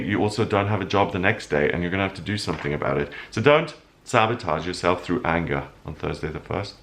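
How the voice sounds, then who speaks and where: Hosting a weekly horoscope show, this astrologer talks earnestly and sometimes emotionally about the week's astrology. He has a lowish voice with a fairly bright tone.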